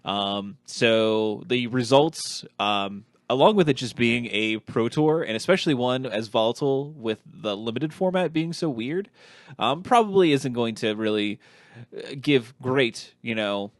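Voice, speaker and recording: A man's voice: medium pitch, expressive, a little slow, no room sound, studio quality. A man hosting a casual podcast, rambling through his points with many fillers and restarts. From Ohio. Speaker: podcast host.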